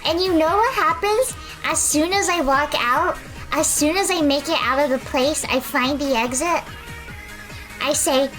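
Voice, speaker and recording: High-voiced chatty woman streamer. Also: measured pace, a bit bright, soft background music. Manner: chatty, self-deprecating, rambling storyteller. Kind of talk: casual stream chat while painting.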